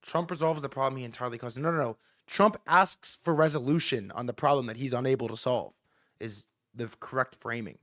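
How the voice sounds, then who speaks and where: A man hosting a live stream, reacting to news in excitable, profane commentary and repeating words in rapid bursts. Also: medium pitch, dry recording, studio quality. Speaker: livestream host.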